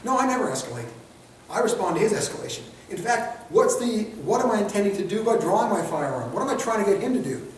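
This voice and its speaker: High-voiced man lecturing in an echoey room. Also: big pitch swings, slight background noise. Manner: conversational, asks the class rhetorical questions; acts out quick street scenarios in quoted voices. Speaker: instructor. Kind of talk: classroom lecture. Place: training classroom. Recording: echoey room, picked up from a distance.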